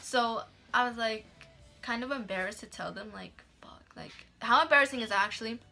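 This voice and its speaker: A woman's voice: on the high side, fairly quick, pushed and bright, soft background music. A young woman vlogger telling a story in casual chat. She swears freely, says "like" constantly and drops in Spanish words.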